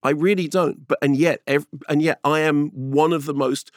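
A middle-aged man from England in casual chat, telling stories in an animated, emphatic, loud way. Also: fairly high pitch, normal speed, no room sound, studio quality. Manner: animated, emphatic storyteller who talks loudly.

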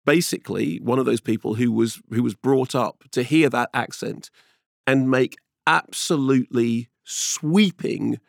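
A middle-aged man from England in casual chat, telling stories in an animated, emphatic, loud way. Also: mid-range voice, unhurried, vocal fry, dry recording, studio quality. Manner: animated, emphatic storyteller who talks loudly.

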